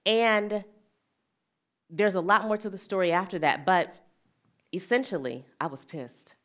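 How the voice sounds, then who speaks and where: A woman's voice: medium pitch, a little slow, fairly bright tone. A middle-aged woman speaking as a wellness and equity speaker, earnest and plain-spoken, sharing a personal story in a reflective talk and laughing easily.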